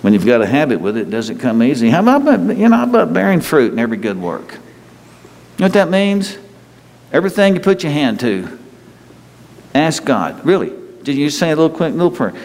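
A man's voice: medium pitch, big pitch swings, fairly quick, darkish tone. A man preaching a conversational sermon to a congregation, folksy and joking with the people in the pews. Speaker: pastor. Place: church sanctuary with congregation. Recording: long hall reverb, faint ambient noise.

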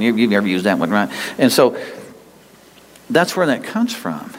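A man's voice: on the low side, big pitch swings, normal speed, pauses often. Emphatic folksy male preacher in a reverberant hall. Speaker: pastor. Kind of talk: sermon.

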